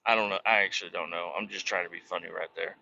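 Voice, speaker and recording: A man with a very bright, sharp-edged voice rambles through a profane, self-mocking tale as a podcast host. The sound is dull and lo-fi. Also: low-pitched, steady tone, fast, creaky. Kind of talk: comedic storytelling monologue.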